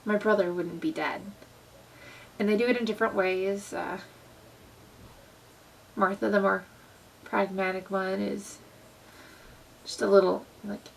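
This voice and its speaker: A woman's voice: mid-range voice, vocal fry, distant mic, slight background noise, low-quality recording. A young woman talking in a casual, earnest vlog style about faith, with plenty of fillers. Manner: earnest, conversational, many fillers. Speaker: Christian vlogger. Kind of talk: casual devotional vlog talk.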